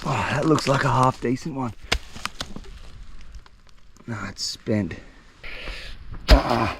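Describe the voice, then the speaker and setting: A young man, chatting excitedly and slangily to the camera while exploring a tropical jungle outdoors. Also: mid-range voice, takes it slowly, background noise. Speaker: survival vlogger. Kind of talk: solo outdoor vlog narration.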